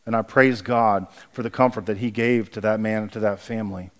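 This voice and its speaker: A pastor in his forties preaching a sermon, speaking hushed and halting through a painful memory, then rising and emphatic as he preaches. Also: lowish voice, steady tone. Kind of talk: sermon with personal storytelling.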